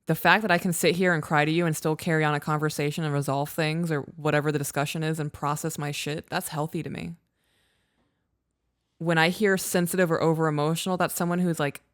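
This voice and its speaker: A woman's voice: deep voice, fairly even intonation, fairly quick, no room sound, studio quality. A woman co-hosting a relationship podcast, speaking earnestly and reflectively about her feelings in casual conversation. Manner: earnest, reflective, frequent short affirmations. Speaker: podcast co-host.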